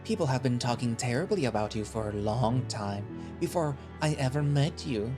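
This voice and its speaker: A man playing a cold, scornful male settlement leader who speaks slowly and condescendingly, with cutting remarks. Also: medium pitch, expressive, music in the background, close to an everyday voice. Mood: contemptuous.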